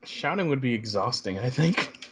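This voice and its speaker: A man's voice: mid-range voice, expressive, moderate pace, slight background noise. A man in a casual chat who talks playfully and laughs often. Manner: giggly, playful.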